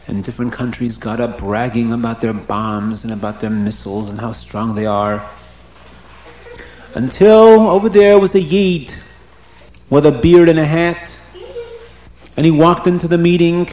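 A man telling a religious story to children, animated and emphatic, slowing down on key words. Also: medium pitch. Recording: roomy echo.

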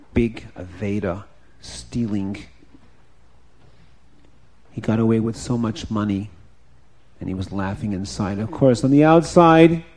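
A man telling a folk tale aloud in an expressive storytelling manner. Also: lowish voice, slight background noise. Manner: expressive, repeats for effect. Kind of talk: animated oral storytelling.

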